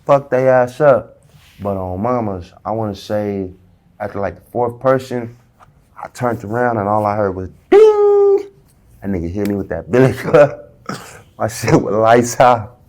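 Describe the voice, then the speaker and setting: A man's voice: lowish voice, wildly swooping pitch, unhurried, a little mellow. A man in a casual interview, telling a story heavy with slang and acting out the dialogue himself. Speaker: interview guest.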